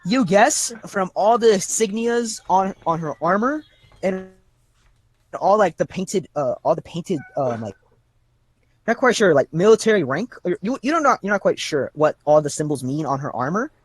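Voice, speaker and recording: A man narrates a tabletop game as its game master, talking over a video call. His delivery is halting and rambling, full of fillers, while his pitch swings widely. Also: lively intonation, husky.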